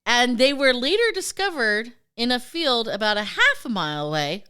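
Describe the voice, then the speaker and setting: Woman podcast host, bright and smooth, swings her pitch a lot, swears freely. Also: moderate pace. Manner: animated, profane, acts out quoted voices. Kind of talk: casual storytelling chat.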